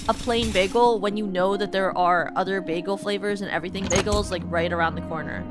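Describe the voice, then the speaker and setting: A woman's voice: medium pitch, steady tone, fairly quick, few pauses. A young woman streaming a game, ranting casually and swearing a lot. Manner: profane, ranting, exasperated. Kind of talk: casual gameplay rant. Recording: game music behind.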